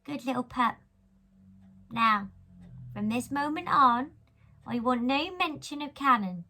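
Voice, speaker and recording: A man doing a shrill, cruel possessive woman. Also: steady tone, unhurried, creaky, husky, exaggerated voice. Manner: high put-on voice, breaking into laughter.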